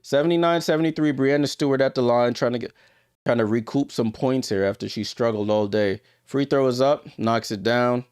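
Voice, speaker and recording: A man's smooth, medium-pitched voice, with fairly even intonation and a normal speed, hosts a casual live watchalong. He chats straight to viewers, calls plays in the moment, and gets louder on big ones; the recording is dry and clean, studio-like.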